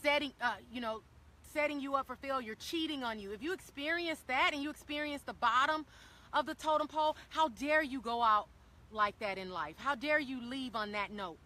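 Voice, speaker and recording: A woman's voice: high-pitched, moderate pace, sharp tone. Earnest woman on a live vlog. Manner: earnest, encouraging, repeats key phrases for emphasis. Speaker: wellness vlogger speaking to live viewers. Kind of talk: impassioned live-stream talk. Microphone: handheld phone camera.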